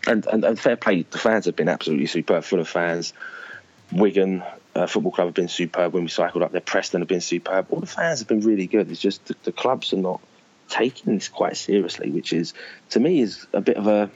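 A man's voice: low-pitched, lively intonation, fairly quick, a little mellow, dull audio. A middle-aged man talking candidly and emotionally in an interview, blunt, swearing and calling people mate. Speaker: charity fundraiser guest.

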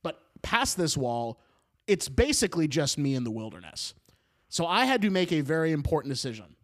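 A man in his twenties casually telling a funny personal story on a podcast, animated, laughing through his words and swearing freely. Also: on the high side, normal speed. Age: 20s.

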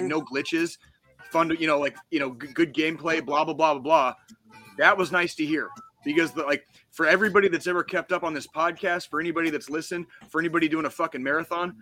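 A man's voice: fairly high pitch, bright, forceful tone. Profane, heated man ranting on a podcast. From United States. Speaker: podcast co-host. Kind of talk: casual podcast chat.

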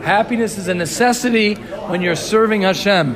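A man giving a Torah class, reading Hebrew text quickly and then explaining it with excitement, often asking "right?" and "you hear this?". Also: high voice. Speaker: Torah teacher.

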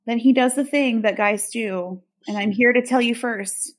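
A woman's voice: a little high, moderate pace. Chatty sarcastic woman recapping a film. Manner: chatty, sarcastic, many ums. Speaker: podcast co-host recapping a film. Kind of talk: casual chat.

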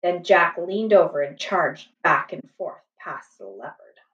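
A woman reading a children's chapter book aloud in a slow, gentle, expressive way. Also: fairly low pitch. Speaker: storybook reader. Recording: echoey room, distant, slightly dull.

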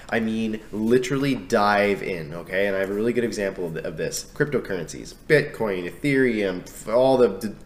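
A man, co-hosting a podcast, telling lively stories in casual chat and acting out what friends said. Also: on the low side. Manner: lively storyteller, acts out friends' lines. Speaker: podcast co-host.

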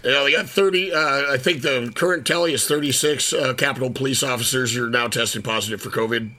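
A man's voice: medium pitch, pushed and bright. A man co-hosting a podcast, riffing and joking in casual profane banter. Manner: joking, riffing with quick asides. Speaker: podcast co-host.

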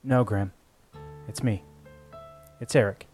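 A man voicing a grieving young man, strained and close to breaking, who erupts into anguished shouts. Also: lowish voice, fairly even intonation, unhurried, soft background music, natural voice. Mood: tender.

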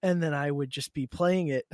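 A man's voice: fairly high pitch, normal speed, no room sound, clean studio sound. A man co-hosting a podcast, chatting casually, giggling often and trailing off mid-thought. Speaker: podcast co-host. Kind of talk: casual chat.

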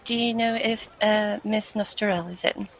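Gravelly-voiced woman playing a noble. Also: medium pitch, fairly even intonation, a little slow. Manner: playful, giggly. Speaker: player. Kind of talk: playing a noblewoman in a tabletop game.

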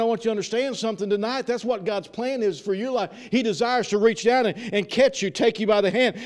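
High-voiced fervent preacher man. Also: darkish tone. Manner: fervent, repetitive, with frequent restarts. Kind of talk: evening sermon. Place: church with a congregation answering.

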